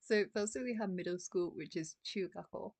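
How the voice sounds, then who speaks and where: A young woman runs a relaxed beginner's language lesson, chatty and quick to giggle as she explains each new word. Her voice sits in a middle register. It is recorded close and dry, with almost no room sound. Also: mid-range voice, dry recording. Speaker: Japanese teacher. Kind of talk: casual online lesson.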